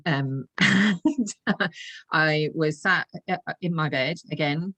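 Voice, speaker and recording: A woman speaks as a podcast guest in a low voice with a gravelly fry at the edges. She talks earnestly and from the heart, with easy laughter running through her words. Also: measured pace, pushed and bright. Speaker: guest, intuitive coach. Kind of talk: casual interview conversation.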